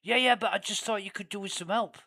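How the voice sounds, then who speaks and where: A man's voice: sits high, fast talker, sharp tone, pitched above the performer's own voice, heavily acted. A man voicing a pushy, overly helpful man with a Northern English accent while retelling a story. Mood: eager.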